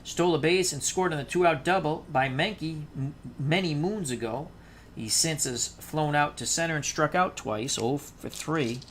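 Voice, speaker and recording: Between dice rolls in a tabletop baseball game, a man with a higher-leaning voice calls the action at a slightly slow pace, with a little hiss or hum in the audio. He's talkative and excitable, tossing rhymes and asides to his chat.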